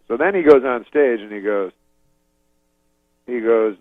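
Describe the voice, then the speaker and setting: A man, a comedian, telling a long rambling story in a halting, deadpan way and chuckling now and then. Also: mid-range voice, dry recording. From Canada. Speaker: comedian guest. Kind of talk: rambling storytelling on a radio interview. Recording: dull dry lo-fi radio recording.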